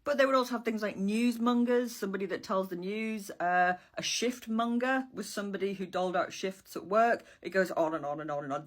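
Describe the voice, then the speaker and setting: A woman talking casually to camera, sharing old slang with wry, sardonic asides and the odd swear word. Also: on the low side.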